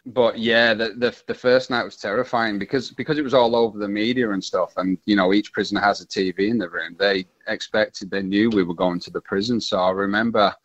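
A man, telling his story as a radio interview guest, halting and full of restarts. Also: on the low side, fairly even intonation, fairly bright tone, dry recording, dull audio.

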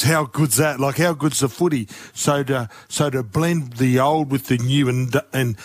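A man co-hosting a sports show, telling stories in an easygoing, chatty way. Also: mid-range voice. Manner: storytelling, easygoing. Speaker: sports radio co-host. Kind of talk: casual sports banter.

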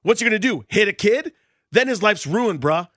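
A man's voice: sits high, animated, normal speed, fairly bright tone, no echo, clean studio sound, pitched above the performer's own voice. A man on a radio talk show voicing a cocky, defiant teenage boy who talks in brash slang.

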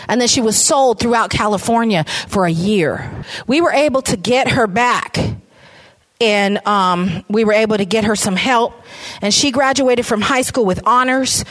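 A woman's voice: a little high, moderate pace. A middle-aged woman giving an impassioned faith testimony to an audience, often repeating phrases for emphasis. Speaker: ministry founder speaking to an audience. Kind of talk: testimony talk.

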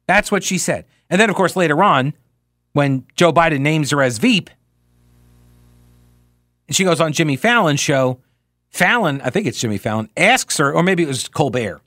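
A man's voice: on the high side, animated, moderate pace, pauses often, sharp tone, no echo, studio quality. A man hosting a talk radio show. He reads out listener emails and answers them in a sarcastic, mocking way.

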